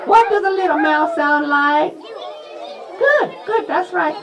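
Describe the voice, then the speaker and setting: A man's voice: slow, recorded from a distance, a loud crowd, very noisy, exaggerated voice. A man voicing a bossy, hardworking little red hen puppet in a live show, ordering everyone to get busy. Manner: high squawky, ordering everyone about. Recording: live show with a children's audience.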